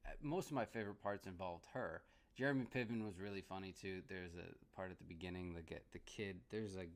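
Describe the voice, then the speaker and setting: Low-ish voiced guy doing a chill movie review, rambles, laughs a lot, restarts stuff.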